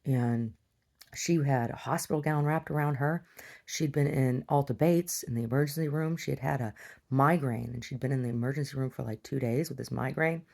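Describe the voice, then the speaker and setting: Gravelly, husky woman telling a story. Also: extremely low pitch, normal speed, a little mellow. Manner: rambling, with many restarts and trailing asides. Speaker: video diarist. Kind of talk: casual storytelling.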